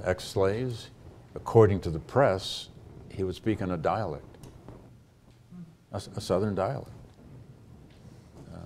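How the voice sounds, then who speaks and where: A man's voice: deep voice, darkish tone, a little hiss or hum. A male historian answering audience questions at a lecture, thinking aloud with frequent hesitations and restarts.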